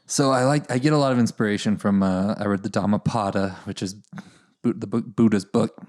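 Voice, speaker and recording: A man's voice: on the low side, a little fast, darkish tone. A man hosting a podcast, talking in a casual, reflective way and telling stories to make his points. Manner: reflective, thoughtful storytelling. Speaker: podcast host. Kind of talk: casual conversation.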